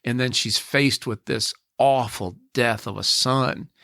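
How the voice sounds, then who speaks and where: Gravelly-voiced man telling a personal story. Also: mid-range voice, steady tone, takes it slowly, bright, forceful tone, no echo, clean studio sound. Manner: earnest and reflective, with frequent restarts. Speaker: podcast guest.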